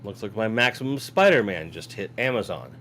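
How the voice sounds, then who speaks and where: A man's voice: fairly low pitch, animated, a little fast, sharp tone, a little hiss or hum. A man hosting a live toy-collecting show, chatting casually and rambling while reading viewer comments aloud. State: yawning. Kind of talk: casual live-stream chat. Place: home room with toy shelves behind.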